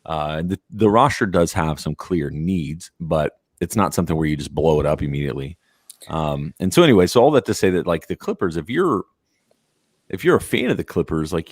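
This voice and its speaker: A young man hosting a sports podcast, talking through his takes in a loose, rambling way. His voice is extremely low and deep. It is recorded close and dry. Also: slightly rough, no echo. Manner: joking, then rambling analysis. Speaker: podcast host. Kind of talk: casual chat.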